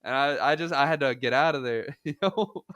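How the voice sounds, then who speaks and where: A man's voice: medium pitch, a little fast, a bit bright, clean tone, no room sound. A man co-hosting a casual podcast, telling a story in a loose, profane way and laughing as he goes. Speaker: podcast co-host. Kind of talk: casual chat.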